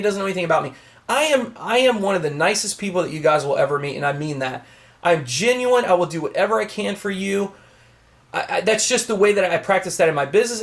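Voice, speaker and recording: A young man talks straight to camera, worked up and emphatic as he vents about a seller who let him down. His voice sits high for a man, and he swears as he gets more heated. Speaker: knife collector vlogger. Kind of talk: ranting to camera. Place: small home office.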